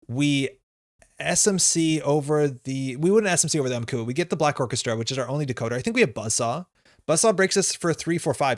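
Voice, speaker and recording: A man talks his way through a live card game, weighing each move out loud with loose, casual phrasing. His voice sits at an everyday middle pitch, and the sound is dry and close, with no room echo. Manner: thinking aloud, casual, with frequent fillers. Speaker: streamer playing a card game. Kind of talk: live gameplay commentary.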